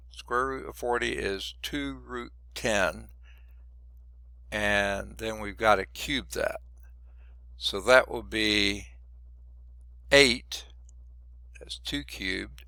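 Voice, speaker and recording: A man who is losing his voice teaches a math lesson, working through each step out loud with muttered asides. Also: lowish voice, gravelly, smooth, no room sound. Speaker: math instructor. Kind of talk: recorded lecture working through problems.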